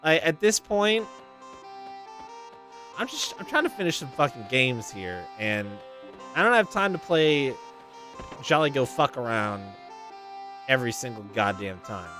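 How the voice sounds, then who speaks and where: Male streamer, animated swearing commentary, game music under. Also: mid-range voice, measured pace, pauses often. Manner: profane, exasperated, wry.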